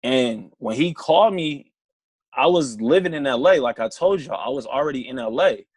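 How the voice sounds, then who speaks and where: A young man on a video call, telling his story in a casual, animated way and acting out both sides of phone calls. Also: mid-range voice, moderate pace, slightly rough, no room sound, poor audio. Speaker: distributor sharing his story on a team call.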